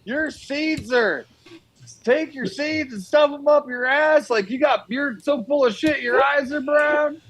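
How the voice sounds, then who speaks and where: A man putting on the voice of an irate male customer, ranting crudely in a shouted, mocking voice. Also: very high-pitched, unhurried, creaky, few pauses, breathy edge, heavily acted. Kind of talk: casual chat.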